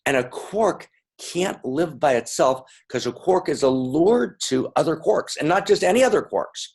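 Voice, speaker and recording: A man's voice: on the high side, expressive, measured pace, vocal fry, darkish tone, slightly rough. A man giving a playful, interactive talk to a live audience, calling out to them and repeating lines. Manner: playful, repetitive, calling out to the crowd. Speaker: speaker.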